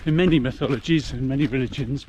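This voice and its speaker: A man's voice: mid-range voice, fast, a little mellow, muffled recording. A middle-aged man giving a chatty, explanatory commentary while running a muddy rural trail. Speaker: vlogger. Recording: noisy outdoor recording.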